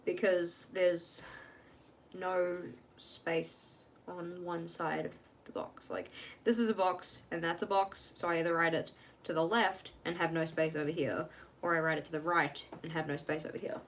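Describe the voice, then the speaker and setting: A woman's voice: on the low side, level tone, normal speed, slight background noise. A young woman chatting casually on a live stream from home while she works on her journal, rambling and laughing at herself.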